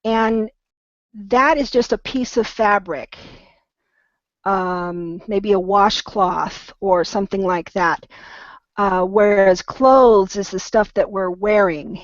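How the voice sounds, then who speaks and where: A patient woman teaches English online, slowing down to model each word with gentle encouragement. The recording is dry and close, with a slightly dull, lo-fi tone. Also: mid-range voice, fairly even intonation, no echo. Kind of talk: online pronunciation lesson.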